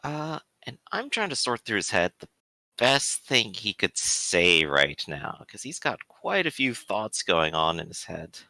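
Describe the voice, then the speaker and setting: A man in a tabletop game who chats casually and describes what his character does. His voice is bright and lively, though it sits fairly low, and it sounds dry. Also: measured pace, gravelly, no room sound. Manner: chatty, narrates his character's actions. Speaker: player. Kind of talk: tabletop role-play chat.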